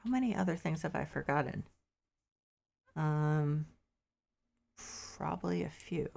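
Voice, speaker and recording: Sleepy and yawning, a woman streamer keeps up casual gameplay commentary for her viewers, thinking out loud with the occasional mildly frustrated remark. Her voice is low, creaky and darkish, and she speaks at a measured pace.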